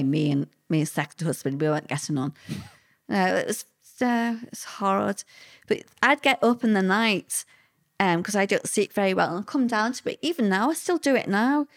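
A middle-aged woman talks through painful memories in a halting way, stopping often to restart her sentences. Her voice sits in an ordinary middle pitch. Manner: halting, hesitant, with many fillers and restarts. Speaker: interviewee. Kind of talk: personal testimony in conversation.

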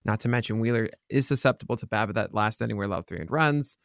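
A man's voice: on the low side, quick pace, gravelly, a bit bright, no echo, studio quality. A man co-hosting a casual sports podcast, chatty and rambling with many fillers and restarts. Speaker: podcast co-host.

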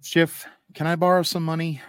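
A man's voice: on the high side, little pitch movement, moderate pace, fairly bright tone, clear, resonant tone, dry recording, studio quality. A man hosting a casual podcast, firing off quiz questions in a laid-back way. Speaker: podcast host.

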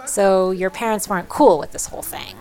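A woman's voice: mid-range voice, a little fast, dark tone, clear, resonant tone. A woman interviewing in conversation, curious and probing.

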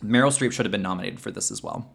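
A man's voice: lowish voice, very fast, vocal fry, fairly bright tone, breathy edge. A man hosting a podcast, chatting casually and filling his talk with "like" and "um.". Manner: chatty, lots of likes and ums. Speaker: podcast host. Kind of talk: casual chat.

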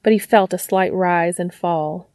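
A woman reading fiction aloud as a narrator, in a steady, even way. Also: lowish voice, measured pace, no echo. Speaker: audiobook reader.

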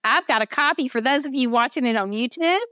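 A woman's voice: sits high, quick pace, sharp tone, no echo, clean studio sound. An older woman with a Southern accent hosting a podcast interview, chatty and effusive. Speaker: podcast host. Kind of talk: casual interview chat.

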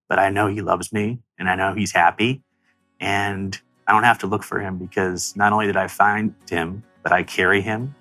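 A man's voice: fairly low pitch, fairly bright tone, no echo. A man in his thirties, an interview guest telling an emotional personal story in an earnest, reflective way, his voice rising as he speaks.

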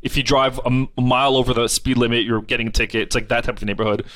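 A man who is a guest on a podcast, telling stories in an animated, rambling way full of "like" and "um". His pitch sits mid-range, and the close mic sounds dry. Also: racing, dry recording. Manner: animated, rambling, many fillers. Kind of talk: casual storytelling. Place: South Florida.

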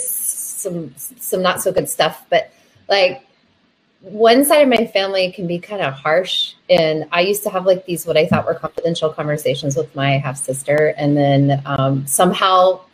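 A woman's voice: lowish voice, a little slow, slight background noise, low-quality recording. A woman co-hosting a podcast, telling a personal story in a casual, hesitant way. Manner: hesitant, searching for words. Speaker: podcast co-host.

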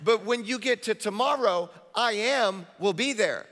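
A male pastor preaching a sermon in an energetic, conversational style, repeating phrases for emphasis. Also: high voice, a little slow. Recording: long hall reverb.

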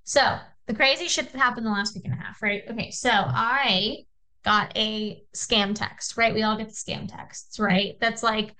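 A young adult woman co-hosting a podcast, telling a story in casual chat, animated and swearing freely as she acts out quoted texts. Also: fairly high pitch, moderate pace, rough recording. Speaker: podcast co-host.

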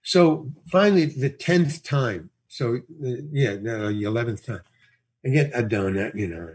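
Husky man telling a lively story. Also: fairly high pitch, quick pace. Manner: animated storyteller, acts out dialogue, laughs often. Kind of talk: casual anecdote.

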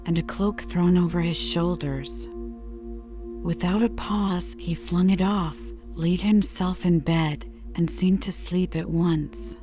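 Audiobook narrator, woman, soft and hushed, lower pitch, slightly lo-fi. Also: steady tone, measured pace, soft background music. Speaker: audiobook reader. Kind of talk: storybook narration.

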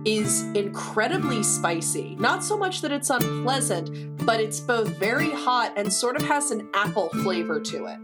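A woman's voice: on the high side, big pitch swings, normal speed, loud music behind the voice. A woman running a tabletop game as game master, narrating scenes in a playful way and laughing easily.

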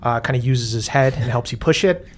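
A man running a tabletop role-playing game as game master, describing the scene with relaxed narration and many filler words. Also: medium pitch, fairly quick.

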